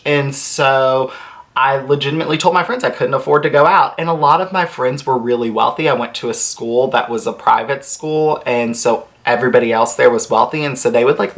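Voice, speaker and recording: Deep-voiced woman in her twenties, casual storytime vlog, rambly. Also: fairly bright tone. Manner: chatty, rambling, heavy filler words and casual swearing. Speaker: vlogger.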